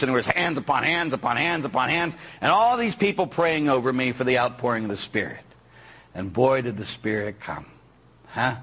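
Tagging sentences with "huh?", this priest delivers his sermon through conversational personal anecdotes, voicing the characters in them. He has a mid-range, fairly bright voice that is slightly rough.

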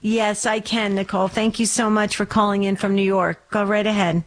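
A woman hosting a call-in radio show, affirming callers with gentle encouragement. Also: medium pitch, level tone, moderate pace.

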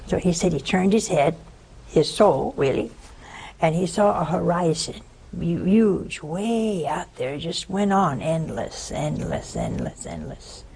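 An older woman gives a spiritual talk in a gravelly, husky voice. She tells a story with lively turns and acts out the voices of the people in it. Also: lowish voice, unhurried, low-quality recording. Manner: storytelling, animated in quoted speech. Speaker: religious teacher.

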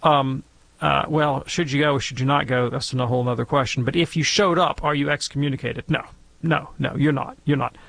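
Gravelly chatty man explaining. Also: medium pitch, fairly even intonation, brisk, a bit bright. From Alabama, US. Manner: chatty, digressive, playful explainer. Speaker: guest theologian answering questions. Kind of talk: conversational radio Q&A.

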